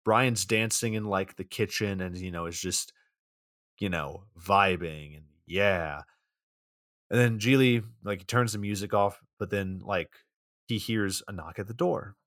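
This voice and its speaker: A man's voice: lowish voice, a little slow, a bit bright, no room sound, studio quality. A man co-hosting a podcast, casually recapping a bad movie in a rambling, profane way full of "like". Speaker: podcast co-host.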